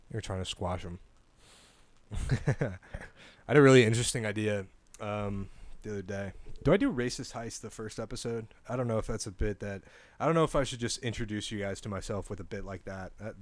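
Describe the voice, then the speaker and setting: A man's voice: lowish voice, fairly quick. A young man hosting a comedy podcast, talking casually in a meandering way and chuckling at his own jokes. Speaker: podcast host. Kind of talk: rambling comedy podcast monologue.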